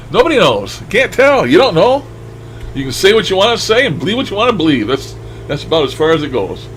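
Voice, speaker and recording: A man's voice: on the high side, very animated, normal speed, a bit bright, a little hiss or hum, low-quality recording. An older man talking casually over recordings he plays back, musing aloud and chuckling as he trails off. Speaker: paranormal radio session host. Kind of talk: casual commentary over playback.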